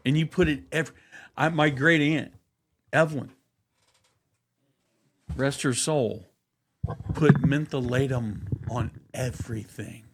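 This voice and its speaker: A man's voice: mid-range voice, slow, long pauses, a little hiss or hum. A man hosting a casual comedic podcast, joking around and slipping into impressions. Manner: playful, jokey, doing impressions. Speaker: podcast host.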